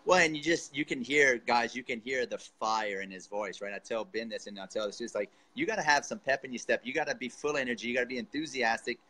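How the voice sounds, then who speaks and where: A man's voice: mid-range voice, fast talker, hardly any pauses, bright, forceful tone, low-quality recording. A man coaching a student in a casual interview, enthusiastic and encouraging, full of slangy praise. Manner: enthusiastic, encouraging, says dude and man a lot. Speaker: real estate coach.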